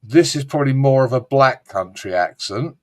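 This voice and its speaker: Casual male host, mid-pitched, rambling and foul-mouthed, fond of doing accents. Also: animated, moderate pace, a little mellow. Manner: rambling, swears freely, mimics regional accents. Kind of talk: casual live-stream chat.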